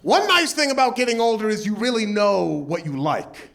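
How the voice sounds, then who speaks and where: A man's voice: high voice, lively intonation, normal speed, gravelly, a bit bright. A man in his forties from Portland, Oregon, performing a stand-up comedy set, telling stories with silly put-on voices. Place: comedy club stage. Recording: live show with crowd laughter. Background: audience laughing.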